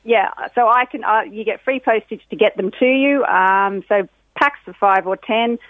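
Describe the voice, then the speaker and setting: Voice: mid-range voice, normal speed, no echo. A middle-aged speaker, chatting cheerfully as a guest on a phone interview. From Australia. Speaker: guest, graphic designer. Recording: tinny phone line.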